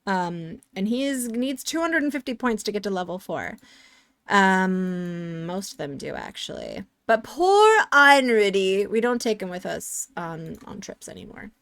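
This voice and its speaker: A woman's voice: mid-range voice, animated, moderate pace, gravelly, dry recording, clean studio sound. A woman streamer chatting casually while playing a game, rambling and sarcastic as she answers chat.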